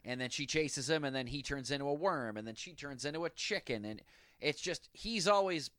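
A man's voice: fairly high pitch, fairly quick, a bit bright, dry recording, studio quality. A man in casual conversation about a film, agreeably retelling its scenes step by step.

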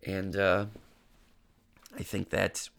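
This young podcast host speaks in a low, gravelly, slightly bright voice with a completely flat delivery and drawn-out words. Stuffy and recovering from an illness, he rambles casually through a self-mocking story laced with profanity.

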